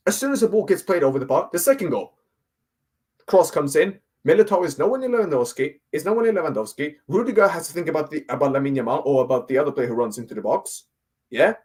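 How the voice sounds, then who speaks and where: A man, ranting hard about football. His voice sits a bit high and sounds husky. He keeps repeating himself and throwing in "yeah?" again and again. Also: animated, fast, a little mellow. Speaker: fan guest. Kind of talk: heated fan rant.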